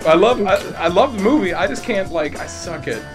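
A man co-hosting a casual podcast, animated and profane, laughing and joking with friends. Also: high-pitched, a little fast, over music. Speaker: podcast co-host.

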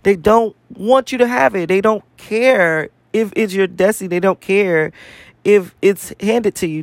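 Emphatic, profane high-voiced man. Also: expressive, takes it slowly, no echo. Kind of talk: casual spiritual rant to camera.

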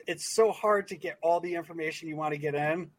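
Male podcast host, slightly high pitch, dry sound, easygoing questioner. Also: a little fast, dry recording. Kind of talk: casual podcast chat.

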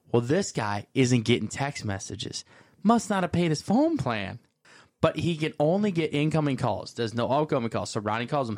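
A man's voice: medium pitch, moderate pace, no echo, studio quality. A man co-hosting a casual chat show, telling a story and acting out the quotes in voices. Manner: animated, acts out quotes in voices. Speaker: podcast co-host.

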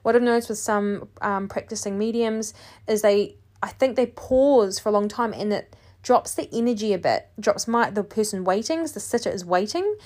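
A woman who works as a psychic medium, chatting casually to her viewers and talking in a steady flow with hardly any pauses. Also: medium pitch. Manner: chatty, talks in a continuous flow without pauses.

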